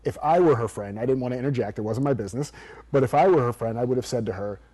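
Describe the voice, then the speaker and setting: Man, coach guest, quick storytelling, dark mellow voice. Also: medium pitch. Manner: animated storyteller acting out quotes. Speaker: mental performance coach.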